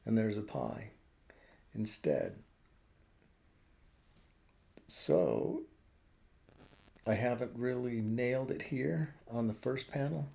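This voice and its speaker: A man's voice: medium pitch, expressive, takes it slowly, creaky, long pauses, a little mellow. A middle-aged man chatting casually on a live stream from his home drawing room, rambling and swearing freely. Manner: rambling and profane, lots of fillers. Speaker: cartoonist streamer.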